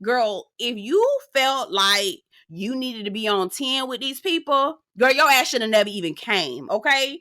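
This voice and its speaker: A young adult woman reviewing a reality TV episode in a sassy, profane, animated recap, often breaking into laughter. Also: a little high, a little slow, hardly any pauses, no echo, clean studio sound. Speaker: TV show reviewer.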